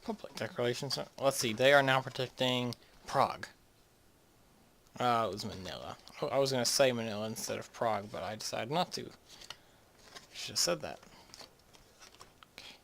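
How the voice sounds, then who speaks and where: A man's voice: mid-range voice, fairly quick, vocal fry, fairly bright tone, a little hiss or hum. A young man from the northeastern United States, rambling and chatty with many restarts as he narrates his game. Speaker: gamer. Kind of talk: casual game commentary.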